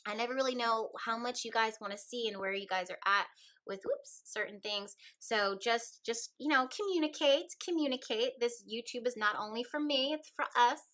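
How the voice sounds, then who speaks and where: A woman's voice: on the high side, moderate pace, fairly bright tone, poor audio. A young adult woman vlogging about her witchcraft shop, speaking earnestly and chattily straight to her viewers. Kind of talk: casual talk to camera.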